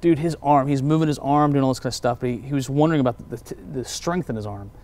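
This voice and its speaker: A middle-aged man who works as a pastor recounts a story as an interview guest, talking fast at medium pitch. He gets animated and acts out people's words.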